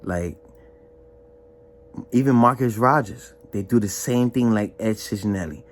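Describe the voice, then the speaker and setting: A young man giving a casual, emphatic spoken testimony, slangy and full of repetition. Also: unhurried. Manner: animated and emphatic, repeats himself, slangy; drops low and quiet when reflecting. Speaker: vlogger giving a church testimony.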